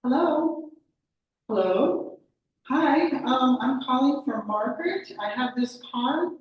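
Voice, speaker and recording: A woman's voice: sits high, expressive, takes it slowly, dull audio, a little hiss or hum, pitched above the performer's own voice. Woman doing a flustered unsure young woman, lots of ums, far off, echoey room. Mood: hesitant. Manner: hesitant, many ums, unsure. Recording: very echoey room, distant mic.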